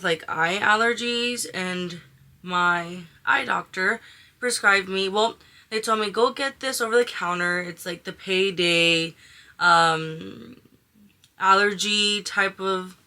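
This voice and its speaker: This young beauty vlogger has a mid-range voice with a sharp tone. Chatting casually during a makeup tutorial, she gushes over colors and sprinkles in slang like "she is giving."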